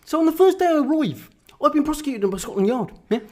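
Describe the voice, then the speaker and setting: A rapid, high-pitched talker who rattles off absurd tales with a straight face. He caps almost every sentence with a questioning "yeah?", staying earnest and deadpan throughout. The voice sits well above a normal man's, and the delivery barely pauses. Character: deadpan English activist man telling absurd tales. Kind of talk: parody interview impression.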